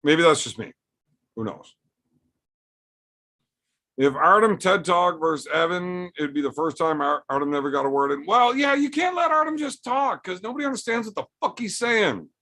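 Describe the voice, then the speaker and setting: A man's voice: high-pitched, lively intonation, normal speed, sharp tone. A man, an arm wrestler, hosting a livestream in a loose chat style, answering viewers' super chats with blunt, profane opinions.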